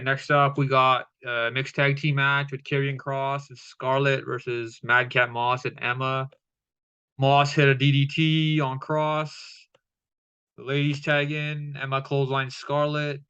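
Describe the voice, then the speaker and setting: Bright, smooth-voiced man, casual and profane. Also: medium pitch, muffled recording. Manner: casual, profane, filler-heavy. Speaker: wrestling show reviewer. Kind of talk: casual recap monologue.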